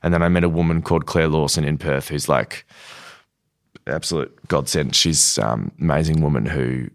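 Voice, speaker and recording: An Australian man in his thirties, telling his story frankly in a relaxed conversational way as a podcast guest. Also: a bass voice, normal speed, creaky. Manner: relaxed, frank, laughs while telling stories.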